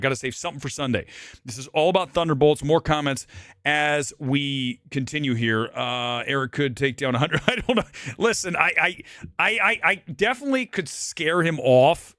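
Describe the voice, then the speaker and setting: A man hosting a casual live movie-review stream, talking in a brash, rambling way with frequent swearing and quick laughs. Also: a little high, a bit bright, dry recording, studio quality. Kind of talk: casual live-stream chat reading comments. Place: home studio near Los Angeles.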